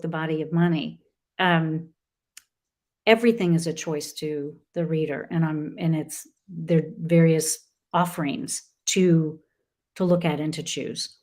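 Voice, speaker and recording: A middle-aged woman, a guest author in a conversational interview, who talks in an earnest, halting way with many restarts. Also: low-pitched, dark tone.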